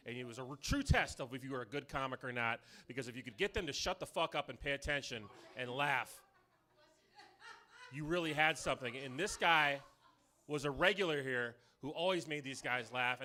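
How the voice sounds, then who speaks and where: A man hosting a comedy show, hyping the crowd, then dropping into earnest, quieter talk to introduce the headliner. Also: a little high. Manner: hyped announcing that drops to earnest, quiet talk. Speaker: host and MC. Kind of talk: introducing comics. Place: comedy club stage.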